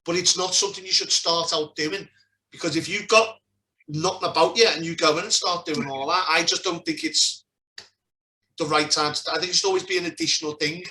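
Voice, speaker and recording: Bright-voiced blunt Liverpool man. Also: fairly high pitch, steady tone, brisk. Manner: blunt, swears a lot, trails off with "and that". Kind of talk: casual chat.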